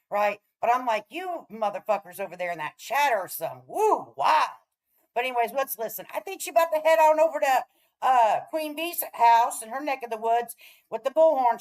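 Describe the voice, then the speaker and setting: A woman's voice: fairly high pitch, rough recording. A woman hosting a casual reaction stream, talking in a sassy, blunt, profane way. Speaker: commentary streamer host.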